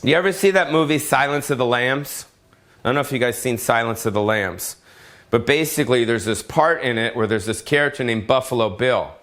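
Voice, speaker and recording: A middle-aged comedian hosts his own show from his home in Las Vegas, launching into a brash, profane, rambling solo rant. His voice is medium-pitched with a fairly bright tone.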